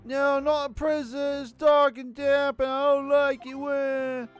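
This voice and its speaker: A man voicing a timid young French thief who is scared of the dark, with a high, whiny, quavering voice. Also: level tone, measured pace, muffled recording, soft background music. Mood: frightened.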